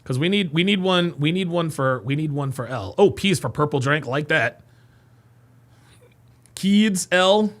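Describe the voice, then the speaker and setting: A podcast host, reading out viewer comments on a livestream, excitable and loud, with frequent exclamations. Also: male voice, on the high side, unhurried, long pauses. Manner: excitable, laughing often, loud bursts of exclamation.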